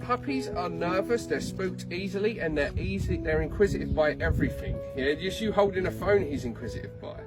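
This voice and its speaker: Chatty man over loud music. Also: high voice, a little fast, few pauses. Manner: relaxed, chatty, checks in with "yeah". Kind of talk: casual instruction on a walk.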